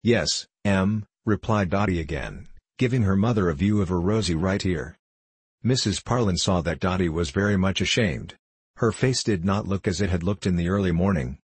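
A man reading a children's storybook aloud in a measured, even way. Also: low voice, breathy edge, no echo. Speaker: audiobook reader. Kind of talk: scripted narration of a children's book.

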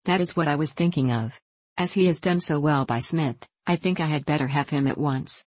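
A woman reading an audiobook voices an earnest, dull young gentleman who repeats himself. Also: low voice, moderate pace, no room sound. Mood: eager. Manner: earnest and repetitive. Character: dull, eager young gentleman, easily impressed.

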